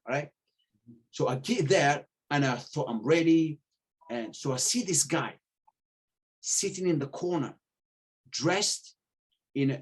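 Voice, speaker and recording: A middle-aged man telling stories in casual chat, animated, acting out the voices of the people he quotes and swearing freely. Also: mid-range voice, slightly rough. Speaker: podcast guest telling stories.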